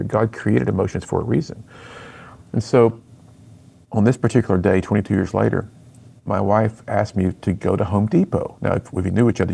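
A man's voice: fairly low pitch, creaky, warm tone, husky. A middle-aged man, a speaker and author, telling his personal story earnestly in an interview.

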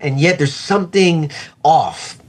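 A man who is a pastor, speaking in an earnest, reflective way in a conversational interview and slowing down to stress his points. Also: on the high side. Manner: earnest, reflective, slows for emphasis.

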